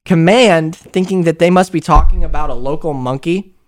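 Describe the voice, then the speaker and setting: An American man hosting a casual paranormal podcast, telling stories in an animated way with frequent laughs. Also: a little high, moderate pace. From United States. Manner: animated storyteller, laughs often, acts out quotes. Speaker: podcast host.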